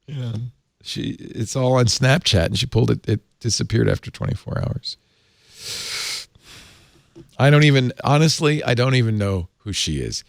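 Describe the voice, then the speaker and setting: A man hosting a casual tech panel show, joking and playful, quick to laugh. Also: mid-range voice, lively intonation, vocal fry, no room sound, studio quality. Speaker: podcast host.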